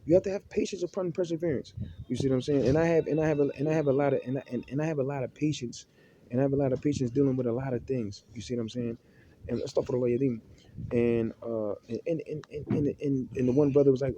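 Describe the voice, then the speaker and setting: A man's voice: mid-range voice, fast talker, warm tone, slight background noise. A man speaking off the cuff about religion, stumbling through many restarts and repeated words and mixing in Arabic terms. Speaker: Muslim speaker giving religious advice. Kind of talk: unscripted religious monologue.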